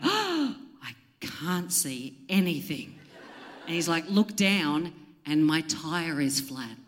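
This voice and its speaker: A woman's voice: mid-range voice, fairly bright tone, a little hiss or hum. An Australian woman in her thirties telling an exasperated, self-mocking story as live stand-up on a theatre stage. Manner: exasperated, self-mocking, swears, acts out other people. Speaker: comedian co-hosting a live podcast. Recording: reverberant live theatre recording.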